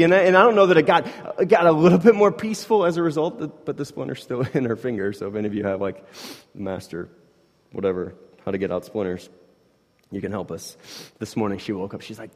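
A man in his thirties preaching a sermon in a casual, conversational way, swinging between hushed and loud. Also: on the high side, in a large hall. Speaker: pastor.

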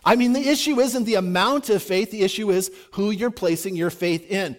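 Animated preacher man, slightly high voice. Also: moderate pace. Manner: animated, acts out quoted voices with big swings in pitch and volume. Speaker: pastor. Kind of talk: sermon.

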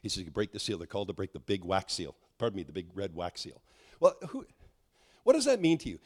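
A man's voice: low voice, fast. A middle-aged man preaching a sermon, telling a story and acting out the dialogue, with frequent restarts. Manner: animated, acts out dialogue, restarts often.

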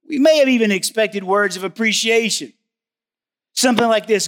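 A man's voice: high-pitched, normal speed, a bit bright. A man preaching a sermon in a church service. He speaks emphatically and repeats key words for stress. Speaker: pastor.

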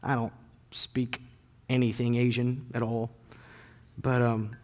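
A man in his thirties preaching a sermon and telling personal stories, lively and animated, his voice rising and getting loud when excited. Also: mid-range voice, slow pace, big-room sound. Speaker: pastor.

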